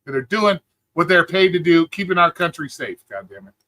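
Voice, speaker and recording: A man's voice: a little high, big pitch swings, moderate pace, sharp tone, no echo. A man hosting a livestream, ranting in a profane, mocking way and talking back to chat. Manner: profane, mocking, mimics people in a whiny voice. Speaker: livestream host.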